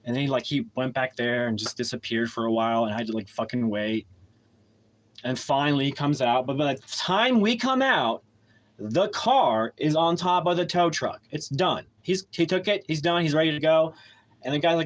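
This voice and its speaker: A man telling an angry personal story, swearing heavily and getting loud when he quotes himself. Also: on the high side, lively intonation, moderate pace. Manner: heated, profane, loud outbursts when quoting himself. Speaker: storyteller recounting a grievance.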